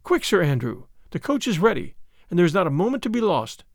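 A man's voice: high voice, sing-song, fairly quick, vocal fry, no echo, studio quality, heavily acted. A man voicing a desperate noble lady who pleads earnestly for help. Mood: urgent. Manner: pleading, urgent.

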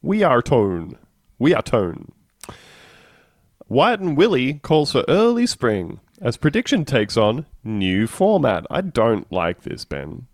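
A man's voice: medium pitch, very animated, takes it slowly, no room sound. A man co-hosting a comedy podcast, reading out news stories wryly and laughing between them. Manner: wry, laughing, reads news stories in a dry voice. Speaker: podcast co-host. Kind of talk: casual comedic chat, reading news aloud.

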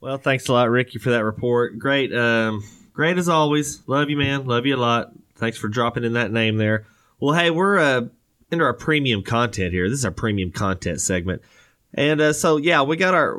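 A man's voice: medium pitch, expressive, normal speed, fairly bright tone. A man hosting a podcast in casual chat, rambling and joking with lots of fillers. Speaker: podcast host.

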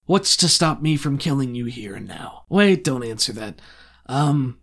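A man voicing a cruel, weary male crime boss in a tabletop game, bored and dismissive with a quiet menace. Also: medium pitch, expressive, a little slow, vocal fry, heavily acted.

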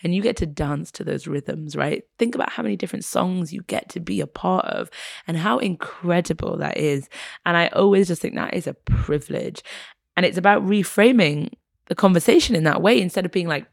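A British woman speaking in a lowish voice with a gravelly edge, sitting as a guest in an interview. She talks with passion and lands her points hard, swearing now and then for emphasis. The sound is close and dry. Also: brisk, no echo. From Britain. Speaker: podcast guest. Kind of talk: conversational interview.

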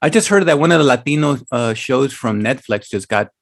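A man's voice: mid-range voice, lively intonation, brisk, creaky, no room sound, studio quality. A man in casual chat who mixes Spanish words into his English and puts on funny voices.

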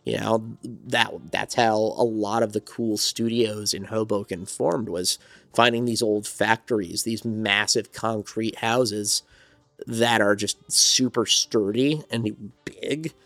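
Male interview guest from New Jersey, lower register, loose reflective storyteller; dry close recording. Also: steady tone, slow, fairly bright tone, no echo. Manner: rambling, reflective storytelling with many restarts. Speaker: songwriter and studio owner, interview guest. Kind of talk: casual interview conversation.

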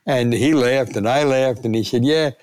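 A man's voice: mid-range voice, moderate pace, a little mellow. An older man, a retired sports columnist, telling anecdotes as a guest and acting out the voices he quotes. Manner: gravelly, acts out quoted voices.

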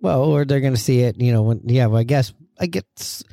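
A man's voice: mid-range voice, lively intonation, brisk, gravelly, dark tone, faint music behind. A man hosting a podcast in a loose, rambling way, full of fillers and the odd curse, from a memorabilia-filled room at a friend's house. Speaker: podcast host. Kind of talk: casual podcast chat.

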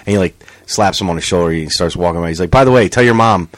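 A man's voice: low-pitched, rapid-fire, no echo. Dry-sounding man telling a story. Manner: animated storyteller, acts out quotes, swears. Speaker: podcast co-host. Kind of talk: casual chat.

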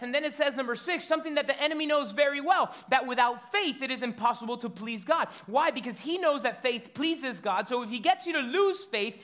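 Pastor, man in his thirties, high and bright, lively sermon with stumbles and repeats. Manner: animated storytelling preacher, stumbles and repeats words.

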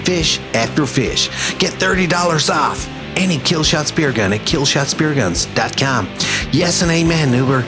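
A man's voice: a little high, expressive, normal speed. Man reading an ad in a silly put-on accent, guitar music behind. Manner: self-mocking put-on accent. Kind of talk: read advertisement.

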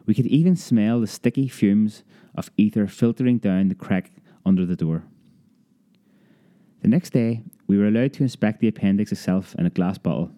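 A man reading a childhood memoir aloud as an audiobook, lively storytelling that raises his pitch for a child's cries. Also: moderate pace. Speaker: narrator.

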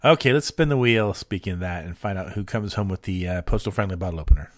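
A man's voice: low-pitched, fast talker. A man hosting a podcast in loose, goofy casual chat, often laughing at himself. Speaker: podcast host.

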